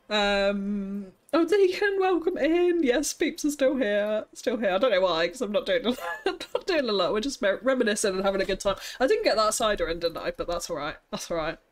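A woman's voice: mid-range voice, lively intonation, a little fast. A woman streaming a city-building game, chatting casually and thinking aloud, with frequent laughs. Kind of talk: casual live-stream commentary while building.

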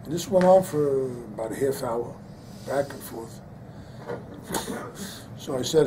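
A man's voice: medium pitch, lively intonation, a little slow, pauses often, background noise. An older man, a rabbi giving a Torah lecture, telling a personal story and then preaching with rising emphasis, mixing in Hebrew terms. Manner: sprinkles Hebrew and Yiddish-inflected terms. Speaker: rabbi teaching a class.

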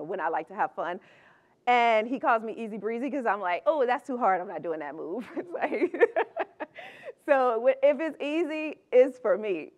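A middle-aged woman giving a chatty, upbeat conference talk, laughing often between her points. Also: on the high side. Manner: upbeat, conversational. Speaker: conference speaker.

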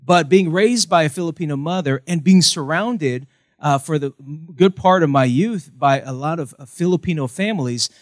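Animated young pastor, dry close sound. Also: male voice, a little high, moderate pace, dry recording. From United States. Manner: animated, acts out quoted voices. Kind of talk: sermon with storytelling humor.

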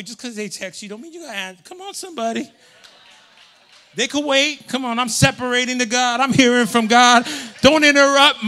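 A middle-aged male pastor with a high, ringing voice preaches in a church. He calls to the crowd for a response, then climbs to fervent shouts. His tone stays bright and forward. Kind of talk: sermon. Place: church sanctuary.

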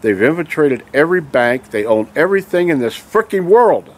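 A man's voice: fairly high pitch, sing-song, normal speed. An angry man delivering a ranting monologue to his viewers, full of emphatic rhetorical questions and tag "okay?"s. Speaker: video blogger.

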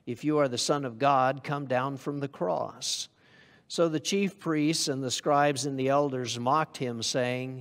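A man's voice: medium pitch, a little slow, in a large hall. A man preaching a sermon to a congregation in a conversational way, often asking them questions. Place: church hall.

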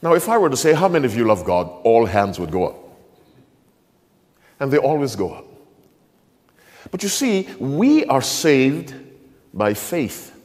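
A man preaching a sermon as pastor, slowing down and stressing key phrases while quizzing his congregation. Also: medium pitch, very animated, a little mellow. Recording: long hall reverb.

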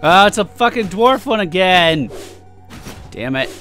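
A man talks over his game in a casual, profane running commentary, his voice climbing into high, lively yelps whenever loot turns up. His voice sits a little high for a man. Faint game music plays underneath. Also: a little slow. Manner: excitable, swears a lot, reacts loudly to loot. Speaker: let's play host.

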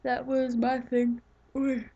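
A woman's voice: sits high, monotone, takes it slowly, mellow, breathy edge, muffled recording. A woman giving casual, rambling gameplay commentary while tired and yawning, chatting to herself as she plays. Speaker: gaming YouTuber.

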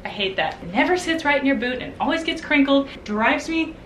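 A woman's voice: high-pitched, expressive, brisk, distant mic, noisy background. A young woman in her twenties chatting casually in a vlog, self-deprecating and laughing often, a little out of breath. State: slightly out of breath from changing clothes. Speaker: equestrian vlogger. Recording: echoey room, camera mic away from her.

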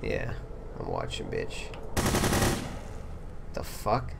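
A young man talks into a headset while gunfire and game noise play clearly behind him. His pitch swings widely as he jokes and trash-talks, often breaking into loud laughter. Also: wildly swooping pitch, very slow. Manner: joking, trash-talking, bursts into loud laughter. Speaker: gaming channel host. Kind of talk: casual gaming banter.

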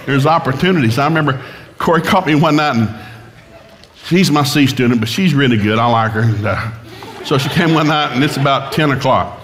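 A middle-aged man, preaching a comic sermon in a folksy, animated storytelling style. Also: mid-range voice, a little fast, a little hiss or hum. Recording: long hall reverb.

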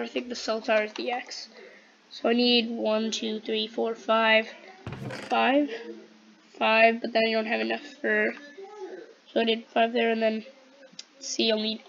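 A woman hosting a gameplay video rambles casually to herself while crafting, her voice on the high side and creaky. She's using a computer microphone, so the recording is muffled, with slight background noise from a television playing in the house.

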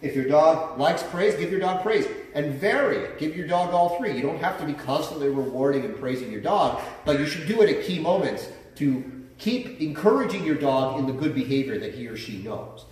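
A man's voice: a little high, lively intonation, moderate pace, darkish tone. A man explaining dog training as a trainer, in a plain, explanatory way with some fillers. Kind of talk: instructional explanation. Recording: very echoey, from far off the mic.

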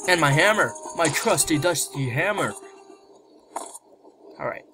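A man giving gameplay commentary, excitable, shouting and squealing in reaction to the game. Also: on the high side, unhurried, low-quality recording. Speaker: let's play gamer. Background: game music.

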